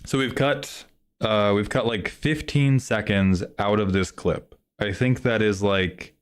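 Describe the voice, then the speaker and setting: A man streaming live in casual chat, joking loosely with some swearing and excitable bursts. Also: on the low side, a little slow, clear, resonant tone.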